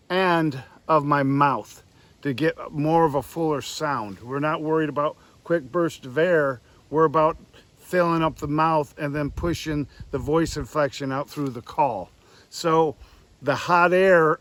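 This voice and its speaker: A man's voice: fairly high pitch, a bit bright, no echo. Dry, close goose-call instructor, man. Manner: demonstrative, drawn-out breathy vocal sounds. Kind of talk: hands-on tutorial. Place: outdoors next to woods.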